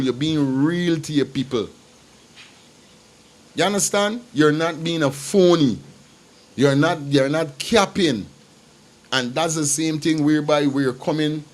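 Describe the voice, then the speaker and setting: A man hosts a casual livestream, talking straight to his viewers. His voice sits a little higher than most men's. He drives each point home by saying it again and again. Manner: emphatic and repetitive, talks straight to viewers. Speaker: livestream host. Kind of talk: casual commentary.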